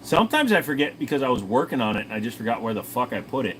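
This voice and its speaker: A man's voice: mid-range voice, very animated, rapid-fire, fairly bright tone, slight background noise. A man in his forties with a Tennessee accent, hosting a casual livestream and chatting to viewers in a crude, profane, joking way. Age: 40s. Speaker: livestream host.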